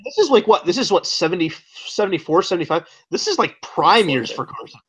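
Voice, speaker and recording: Animated higher-voiced man on a podcast. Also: fairly quick, breathy edge. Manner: animated, questioning, jumps pitch when excited. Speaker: podcast co-host. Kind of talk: casual comic book podcast chat.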